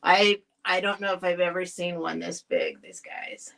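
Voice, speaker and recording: Her lowish, creaky voice is level in tone and fairly bright, moving at a moderate pace. She hosts a vintage sale live stream from home, chatting casually and directly with viewers while rambling and restarting sentences.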